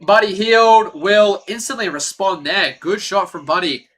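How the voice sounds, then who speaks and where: A man giving live fan play-by-play for his home team on a stream, partisan and quick to rant at the referees. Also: sits high. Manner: partisan, excitable, rants at referees.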